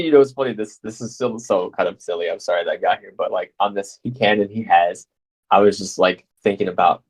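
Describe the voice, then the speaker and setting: Playful low-voiced man from New Jersey. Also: a little mellow, low-quality recording. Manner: playful, rambling, self-mocking, with jokey put-on voices. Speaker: live radio show host. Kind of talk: casual live radio chat reading listener comments.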